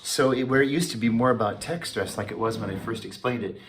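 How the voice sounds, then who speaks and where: A man, a choral conductor, giving a relaxed and chatty talk, with many fillers and restarts. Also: medium pitch, fast talker, slight background noise. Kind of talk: informal talk.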